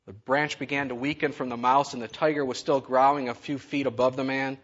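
A man's voice: medium pitch, steady tone, brisk, lo-fi sound. A man preaching a sermon to his congregation, conversational and full of rhetorical questions. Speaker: pastor.

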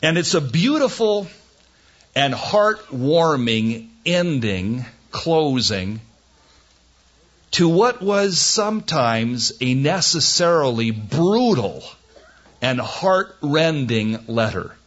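Preacher guy teaching bible verses real slow, folksy n earnest, kinda muffled lo-fi sound. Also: a little high, big pitch swings, fairly bright tone. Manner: earnest, folksy and emphatic, rising into incredulous questions. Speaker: pastor.

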